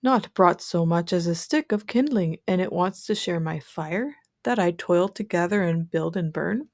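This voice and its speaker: A woman voicing an ancient wise crone, a gruff yet grandmotherly old woman with a raspy, solemn way of speaking. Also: lowish voice, moderate pace, darkish tone, no room sound, clean studio sound, natural voice. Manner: solemn, proclaiming.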